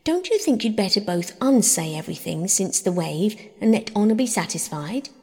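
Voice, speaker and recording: A woman's voice: mid-range voice, big pitch swings, moderate pace, vocal fry, dark tone, breathy edge, big-room sound, heavily acted. A woman voicing a kind older girl who soothes and reasons with her siblings in a storybook reading. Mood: earnest. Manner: soothing, earnest. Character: kind older sister, gentle peacemaker girl.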